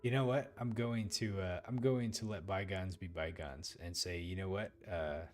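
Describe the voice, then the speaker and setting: A man's voice: deep voice, steady tone, normal speed. A man hosting a let's play, giving loose, rambling commentary full of fillers as he plays.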